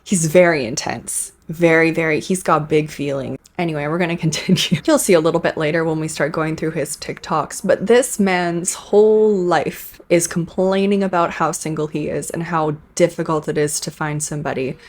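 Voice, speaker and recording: Low-voiced woman hosting casual commentary. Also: steady tone, moderate pace, hardly any pauses. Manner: chatty, with frequent restarts and laughs. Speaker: commentary channel host.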